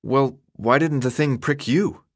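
A man's voice: medium pitch, unhurried, pitched above the performer's own voice. A man voicing a frightened, pushy teenage boy in an audiobook, urgent and full of questions. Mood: anxious, urgent. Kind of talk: audiobook character voice.

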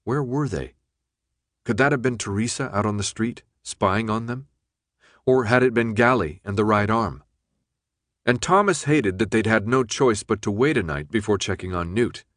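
A man reading a novel aloud in even, measured scripted narration. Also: on the low side, no echo, studio quality. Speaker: audiobook narrator.

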